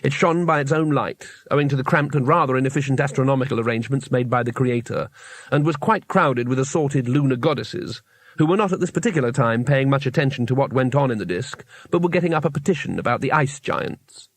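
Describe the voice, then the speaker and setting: A man narrating a comic fantasy novel in a measured, dry storytelling manner. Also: mid-range voice. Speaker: audiobook narrator. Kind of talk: scripted narration.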